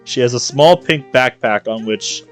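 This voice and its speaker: A man's voice: medium pitch, a little slow, soft background music. A man streaming a visual novel, reading it aloud and reacting with jokes. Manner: playful, reacts with jokes and laughter.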